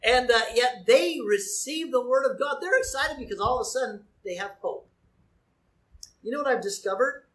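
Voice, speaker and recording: Male pastor, animated sermon, echoey sanctuary sound. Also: extremely high pitch, moderate pace. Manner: animated preaching with rhetorical questions to the congregation. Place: church sanctuary. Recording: echoey church room.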